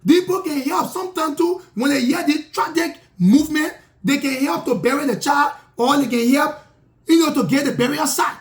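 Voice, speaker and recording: A man's voice: very high-pitched, normal speed. A self-styled prophet, a man, telling his grievances in an indignant, repetitive monologue with broken grammar. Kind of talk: impassioned spoken monologue.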